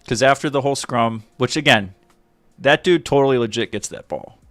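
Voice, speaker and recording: A man hosting a live stream, giving an animated, mocking, profane running commentary on a video. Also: medium pitch, normal speed, dry recording, faint music behind.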